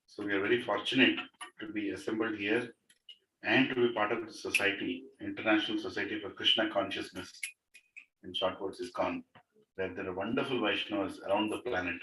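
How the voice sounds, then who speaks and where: A man's voice: lowish voice, fairly even intonation, fairly quick, sharp tone. A man telling a devotional story to a gathering in a house, chatty and checking in with the listeners. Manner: conversational, asks the audience "right?". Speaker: devotional speaker. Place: room in a private house. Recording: roomy, distant mic, faint noise.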